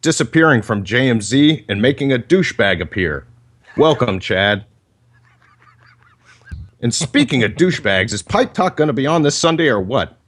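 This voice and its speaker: A man's voice: mid-range voice, big pitch swings, normal speed, fairly bright tone. A man on a breaking-up internet call reads prepared roast jokes and chuckles between them. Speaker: caller reading roast jokes. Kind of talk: reading prepared roast jokes, laughing at his own lines.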